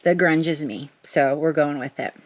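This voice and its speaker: A woman's voice: low-pitched, moderate pace, no echo. Chatty woman crafting. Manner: chatty, self-deprecating, talks to herself while working. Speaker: craft vlogger. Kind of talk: casual chat while making art.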